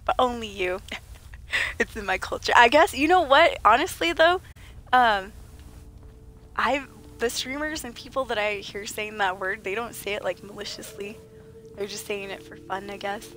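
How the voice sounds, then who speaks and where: A woman livestreaming a game, chatting playfully with viewers and laughing often, her voice a little rough from being sick. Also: mid-range voice, normal speed, a bit bright. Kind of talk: casual livestream chat with viewers.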